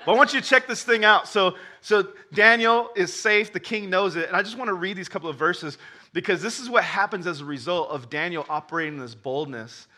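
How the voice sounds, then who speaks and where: A man preaching with a very bright, ringing voice set a little high. He tells the story with energy and acts out its characters. He often stumbles and repeats words as he starts a sentence. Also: fairly quick. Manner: animated storytelling, acts out characters, laughs with the crowd; stammers when starting sentences. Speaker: pastor. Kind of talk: sermon.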